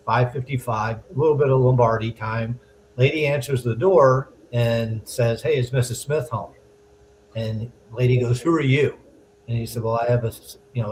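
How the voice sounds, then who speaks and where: A man's voice: mid-range voice, a little mellow, a little hiss or hum, rough recording. A man co-hosting a podcast, telling a sales story casually and laughing as he goes. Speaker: co-host.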